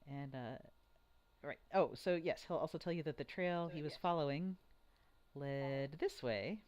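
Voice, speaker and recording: A dungeon master narrating a tabletop game live, talking in a halting way with many fillers and restarts. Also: mid-range voice, a little mellow.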